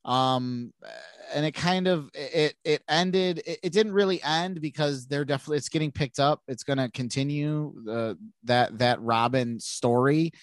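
A man's voice: fairly high pitch, normal speed, no echo. A man with a nasal voice, co-hosting a podcast and recapping comic books in a casual, rambling way with many restarts. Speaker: podcast co-host. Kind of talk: casual comic book chat.

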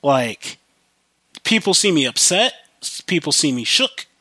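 A man's voice: on the high side, big pitch swings, unhurried, bright, forceful tone, husky, dry recording. A young man hosting a podcast alone, rambling casually about his life with lots of fillers and restarts. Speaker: podcast host. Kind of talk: casual monologue.

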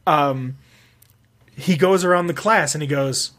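A man's voice: a little high, a little slow, a bit bright. A young man telling a rambling school story in casual chat, self-mocking, swearing and laughing often.

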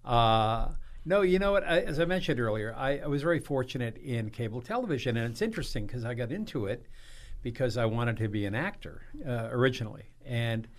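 A man's voice: mid-range voice, expressive, fairly quick. A man talking as a guest on a radio show, telling jokey stories and laughing often. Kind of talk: casual radio chat.

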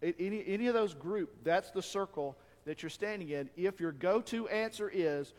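A man preaching a sermon as pastor, animated and acting out quoted voices. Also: sits high, moderate pace, few pauses. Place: church sanctuary. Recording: long reverb of a church hall.

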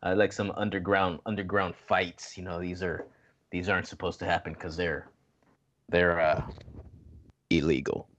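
A man's voice: deep voice, flat delivery, normal speed, long pauses. Profane joking man, casual podcast. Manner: joking, profane storyteller who acts out quotes loudly. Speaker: podcast co-host. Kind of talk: casual chat.

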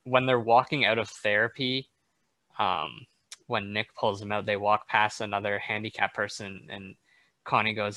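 A young man lays out his reading of a film in a casual conversation, his tone bright and sharp. The recording is dry and close, with no room sound around him. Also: on the low side, flat delivery, normal speed, no room sound. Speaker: film discussion co-host. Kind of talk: casual chat.

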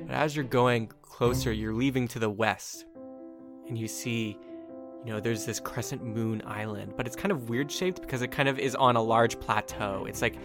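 A man running a tabletop game, narrating in an easygoing, middle-pitched voice full of casual fillers. Music plays clearly behind him. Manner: relaxed, loose narration with fillers. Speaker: game master.

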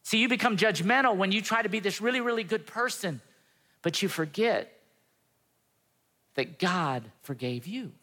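A man's voice: sits high, lively intonation, normal speed, long pauses, sharp tone. A pastor giving a sermon in an earnest, conversational way, acting out the quotes he tells. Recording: long reverb of a hall.

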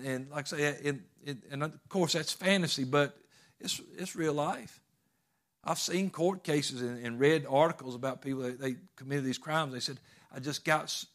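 A man's voice: fairly high pitch, fairly bright tone. A man preaching a sermon in a folksy, emphatic storytelling way.

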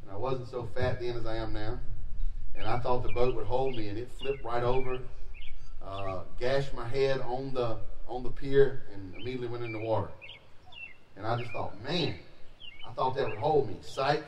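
A male pastor delivers a sermon in a loose, joking, conversational way, breaking into loud emphatic bursts. His voice carries a roomy echo and sits back from the microphone, with faint ambience behind it. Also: mid-range voice, moderate pace, recorded from a distance, a little hiss or hum.

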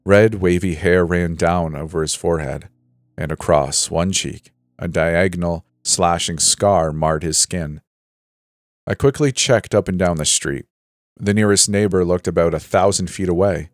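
A man narrating a horror story in a slow, measured way. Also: deep voice, steady tone, dry recording, studio quality. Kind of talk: scripted narration. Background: faint music.

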